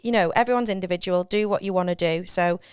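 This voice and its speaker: A woman's voice: lowish voice, quick pace, smooth, no echo, studio quality. A woman on a podcast, speaking earnestly and reflectively in casual chat. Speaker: podcast co-host.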